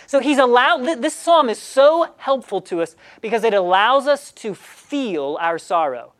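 A woman's voice: fairly high pitch, measured pace, hardly any pauses. A woman leading a group Bible study, asking questions and acting out the psalmist's words. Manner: animated, asks questions and acts out the psalmist.

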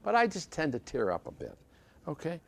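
A man's voice: a little high, wildly swooping pitch, brisk, gravelly, slightly rough. A man preaching a sermon in an emphatic way, repeating key phrases and often checking with listeners by asking "okay?". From British Isles.

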